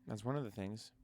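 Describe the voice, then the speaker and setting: A man's voice: fairly low pitch, darkish tone. A man giving casual, sarcastic reaction commentary on MMA fighters and ranting with many restarts.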